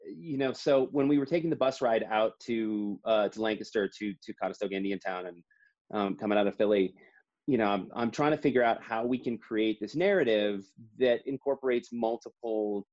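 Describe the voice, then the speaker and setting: A man's voice: lowish voice, fairly quick, darkish tone, dull audio. A man who co-wrote a comic book, talking in a chatty, rambling way with many restarts during an interview. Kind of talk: casual interview conversation.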